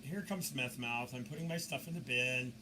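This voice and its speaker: A man narrating security camera footage as a video commentator, telling the story in a lively way with mocking asides. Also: mid-range voice, moderate pace, background noise.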